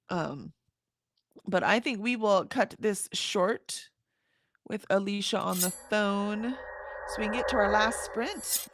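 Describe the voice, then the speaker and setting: A woman's voice: mid-range voice, a bit bright, no echo, clean studio sound. A woman hosting a writing-sprint livestream, chatting casually and reading viewer comments aloud. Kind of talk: casual chat.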